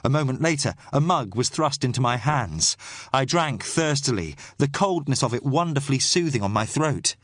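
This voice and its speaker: A male narrator reads a first-person thriller in a measured, tense way. His voice sits at a middle pitch and is recorded close and dry with no room sound. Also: animated, fairly bright tone, no room sound. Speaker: audiobook narrator.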